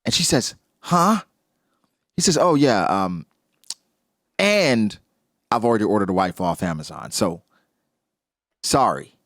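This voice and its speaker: At a measured pace with long pauses, a man co-hosts a casual chat breaking down a comic chapter, recorded in a clean studio with no echo. He's animated, voicing the characters' lines with big pitch jumps.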